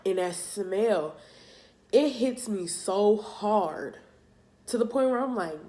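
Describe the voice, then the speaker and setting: A young woman telling a personal story for her vlog, halting and emotional, with casual slang. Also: medium pitch, expressive, dark tone. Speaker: vlogger.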